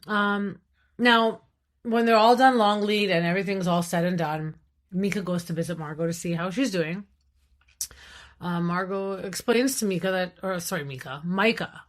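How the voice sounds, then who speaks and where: A woman with a thick, raspy voice, hosting a podcast and giving animated, casual commentary on a reality TV show. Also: mid-range voice. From Iran. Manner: animated, enunciating, quick asides and acted-out quotes. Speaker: podcast host.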